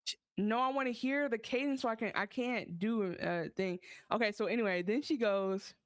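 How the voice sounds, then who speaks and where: A woman's voice: on the high side, moderate pace, dry recording, studio quality. A woman co-hosting a podcast, retelling a show in casual chat and acting out lines as she goes. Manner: animated retelling with acted-out quotes and laughs. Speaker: podcast co-host.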